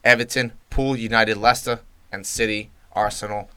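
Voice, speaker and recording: A man's voice: on the low side, fairly even intonation, brisk, sharp tone, clear, resonant tone, no room sound. A man co-hosting a casual soccer podcast, rattling off team fixtures and laughing easily with friends. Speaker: podcast co-host.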